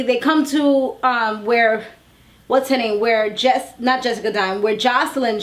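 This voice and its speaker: Chatty woman with a higher voice. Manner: animated, slangy, chatty. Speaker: reality TV reviewer. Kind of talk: casual recap vlog.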